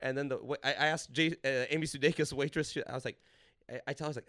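A man's voice: mid-range voice, steady tone, rapid-fire, a bit bright, no room sound, studio quality. A man from Los Angeles, a comedian hosting a podcast, telling a story in a rambling, profane way and acting out the people in it. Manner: rambling, profane, acts out quoted voices. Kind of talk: casual storytelling chat.

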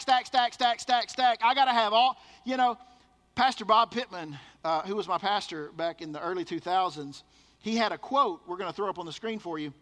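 A man's voice: high voice, bright, forceful tone, big-room sound. A man preaching a sermon as pastor, emphatic and repeating words for stress.

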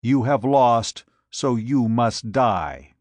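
A fierce warrior queen issues cold, snarling threats, put on by a man reading a pulp adventure aloud. The delivery is slow and measured. It is recorded dry and close, with no room sound. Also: mid-range voice, lively intonation, a little mellow, no echo. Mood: cold, threatening. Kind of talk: audiobook narration.

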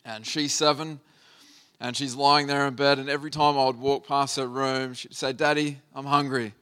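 A man in his thirties preaches in a relaxed, storytelling manner, his voice smooth and resonant. He sits at a mid pitch and speaks earnestly, as if chatting with his congregation. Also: moderate pace. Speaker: pastor. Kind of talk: sermon with a personal story.

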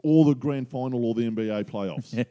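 A man's voice: medium pitch, moderate pace, mellow, no room sound, muffled recording. A man co-hosting a podcast, chatting casually and joking, laughing at his own stories. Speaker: podcast co-host. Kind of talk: casual chat.

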